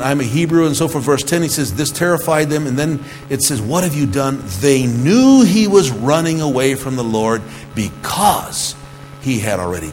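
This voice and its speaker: A man's voice: mid-range voice, in a large hall, rough recording. A man preaching a sermon earnestly, repeating key phrases and asking rhetorical questions. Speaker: pastor.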